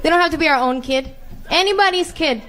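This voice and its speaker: Loud, scolding woman comic, very high. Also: fast. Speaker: stand-up comedian. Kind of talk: stand-up set. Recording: live club with loud crowd and noise.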